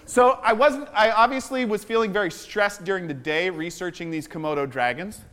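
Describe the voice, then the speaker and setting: A man speaking as a visiting children's author at a school assembly, telling an adventure story in a playful, animated way to the children. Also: sits high, moderate pace.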